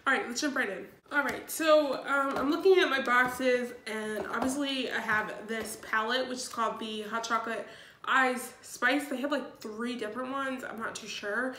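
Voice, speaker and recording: A woman's voice: a little high, bright, forceful tone, echoey room. A young woman in her twenties, a bit congested from a cold, chatting upbeat through a makeup tutorial with lots of ums. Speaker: beauty vlogger. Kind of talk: casual makeup tutorial chat.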